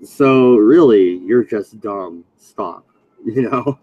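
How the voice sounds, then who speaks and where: A man's voice: fairly low pitch, drawn-out words, phone-quality sound. A man in casual chat on a voice call, laid-back, swearing and laughing at his own stories. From Oregon, USA.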